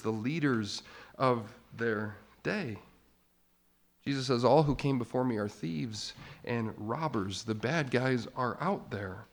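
Preaching man, rising to loud emphasis. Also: mid-range voice. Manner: builds to loud, emphatic peaks. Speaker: pastor. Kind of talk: sermon.

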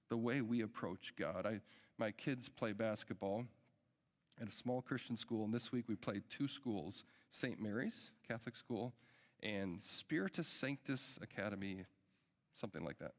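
A man's voice: lowish voice, expressive, unhurried. A middle-aged man, a pastor, preaching a sermon in an earnest, emphatic way that builds with urgency. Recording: long hall reverb.

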